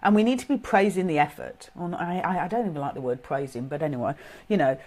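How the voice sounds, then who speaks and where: A woman's voice: low-pitched, lively intonation, quick pace, darkish tone. A middle-aged woman with a British accent giving an informal, earnest talk on parenting, thinking aloud as she goes. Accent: British English. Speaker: parenting coach.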